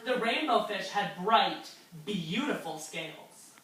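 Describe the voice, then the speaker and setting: Lively teacher reading to her class. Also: mid-range voice, slow pace. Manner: lively, expressive storytelling. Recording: echoey classroom, mic far off.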